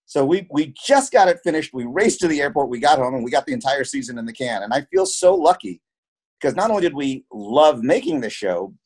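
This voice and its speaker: Speaking fast with few pauses, a film and TV producer shares earnest stories during a conversational interview. He has a medium-pitched, darkish, very animated voice and frequently repeats words as he starts over.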